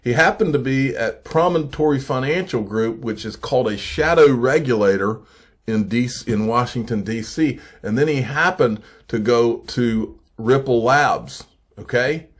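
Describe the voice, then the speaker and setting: Emphatic man hosting crypto commentary. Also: medium pitch. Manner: emphatic, repeats points slowly for effect; addresses viewers as folks, frequent okay. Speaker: crypto channel host. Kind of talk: casual commentary on screen posts.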